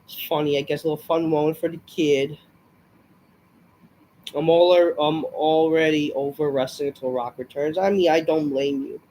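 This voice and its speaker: A man's voice: on the high side, fairly even intonation, moderate pace, dark tone, slight background noise. A man reviewing a wrestling show in a rambling, frustrated rant, swearing often and sighing, unwell and short of breath. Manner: profane, frustrated, rambling with sighs.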